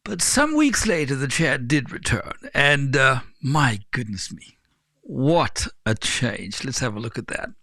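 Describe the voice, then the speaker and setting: A man's voice: medium pitch, sing-song, unhurried, bright, forceful tone. A man with a South African accent hosting a vlog, narrating in a playful, chatty way with jokey asides to viewers. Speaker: vlogger host.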